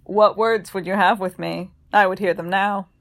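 A woman voicing a wry, teasing, relaxed man from Yorkshire in a read-aloud story, in a dry way. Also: mid-range voice, normal speed, no echo, close to an everyday voice.

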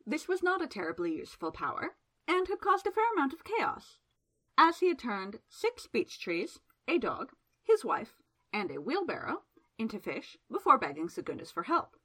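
A woman narrating a fantasy novel aloud in a lively, expressive storytelling manner. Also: on the high side, moderate pace. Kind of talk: audiobook narration.

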